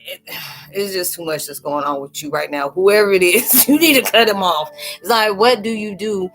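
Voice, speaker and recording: Woman, livestream tarot reader, casual rambling chat, acts out quoted voices, mid-range pitch, faint music underneath. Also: normal speed, fairly bright tone. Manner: loose, rambling talk, acting out quoted voices. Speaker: spiritual tarot reader hosting a live chat.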